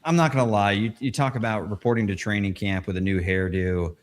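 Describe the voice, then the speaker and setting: A man co-hosting a fantasy football podcast, animated as he breaks down players and jokes with his co-host. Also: fairly low pitch, fairly quick. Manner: animated analyst, jokes and laughs. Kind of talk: casual podcast chat.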